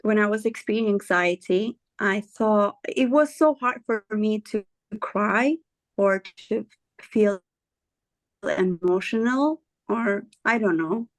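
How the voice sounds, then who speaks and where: A woman's voice: medium pitch, dry recording. Earnest woman speaking with a dry sound. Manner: earnest, halting, often searching for words. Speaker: guest sharing her story. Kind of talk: candid conversational interview.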